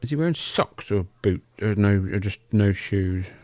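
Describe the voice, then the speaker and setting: A man's voice: on the low side, expressive, moderate pace, darkish tone, no room sound. Dry, close-miked man calling matches casually. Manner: loose, joking and profane. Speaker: podcast host. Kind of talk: casual play-by-play commentary over old footage.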